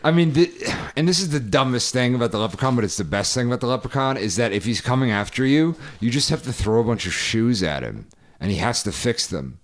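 A man's voice: medium pitch, expressive, fast talker, hardly any pauses. A man co-hosting a comedy podcast, rambling through jokes and restarting his sentences. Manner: rambling, jokey, restarts a lot. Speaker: podcast co-host. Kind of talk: casual comedic chat.

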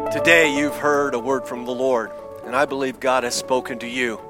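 A man preaching an impassioned evangelistic sermon as a pastor in a church, swinging between shouts and hushed near-whispers. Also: mid-range voice, steady tone, normal speed, over loud music.

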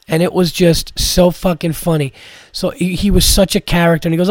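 Rambling, swearing comedian storyteller. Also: male voice, on the high side, little pitch movement, fast, no echo. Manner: rambling, swears freely, many "like" fillers. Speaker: comedian podcast host. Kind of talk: casual storytelling.

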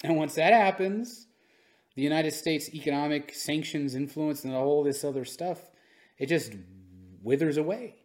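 A man co-hosting a podcast, talking through the news in unscripted commentary, animated and conversational, sometimes slipping into mock voices to make a point. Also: on the high side, moderate pace. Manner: conversational, fillers and restarts. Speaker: podcast co-host.

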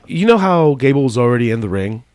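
A man co-hosting a casual wrestling podcast, chipping in with quick agreements and questions. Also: medium pitch, dry recording. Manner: lively, chips in with short agreements and questions. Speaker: podcast co-host.

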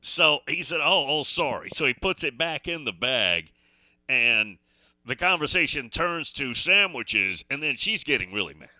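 Hosting a radio talk show, a middle-aged man shares a folksy story at a slightly slow pace, chatting casually and often repeating or restarting phrases. His mid-range voice is very animated with a sharp tone, and there is no echo.

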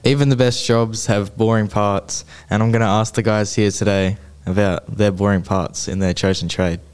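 A man's voice: on the low side, fairly even intonation, normal speed, a little mellow, clear, resonant tone. A teenage man, a carpentry student co-hosting a podcast and putting plain questions to the others.

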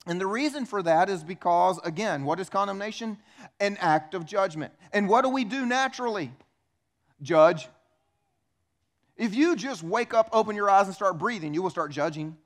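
A pastor with a fairly high voice preaches in a church at a normal speed, keeping his sermon animated and conversational. He poses questions to the congregation and slips into small acted voices for the people he quotes.

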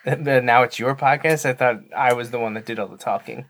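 A man co-hosting a casual podcast. He speaks with careful, deliberate enunciation and a dry, self-deprecating humor. His pitch sits in a middle register. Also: fairly bright tone. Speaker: podcast co-host. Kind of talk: casual chat.

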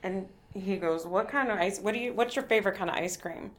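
A woman's voice: medium pitch, fairly quick. A woman guest on a podcast in casual chat, telling stories with a laughing, self-mocking manner.

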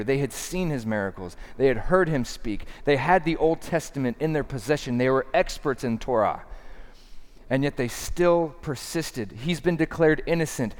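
A man preaching a sermon with fervent, repeating bursts that drop low and quiet when he quotes Jesus. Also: clear, resonant tone. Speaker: pastor. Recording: long hall reverb.

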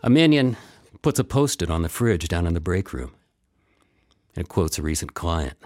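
A man's voice: low-pitched, sing-song, moderate pace, darkish tone, dry recording, studio quality. A man telling a first-person story in a wry, meandering way, repeating phrases for effect.

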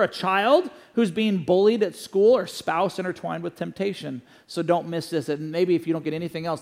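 Casting: male pastor, high gravelly voice, fervent preaching that swings loud and soft. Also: big-room sound. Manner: swings from loud fervent peaks to quiet low passages. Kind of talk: sermon.

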